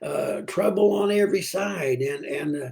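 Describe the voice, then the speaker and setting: A man preaching a daily devotional in an unhurried way, with many pauses and fillers. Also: on the high side, creaky, darkish tone. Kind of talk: devotional Bible talk.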